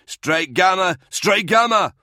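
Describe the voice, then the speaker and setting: Male narrator doing a high, strained army captain yelling orders; audiobook, dry close mic. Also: fairly quick, no room sound, exaggerated voice. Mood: urgent shouting. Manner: urgent, strained shouting. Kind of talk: audiobook character voice.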